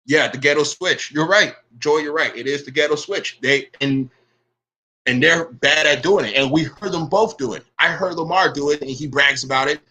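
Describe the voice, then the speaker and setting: A man's voice: on the high side, moderate pace, bright, forceful tone, slightly rough. A man in a profane, confrontational rant to camera. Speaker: online commentator.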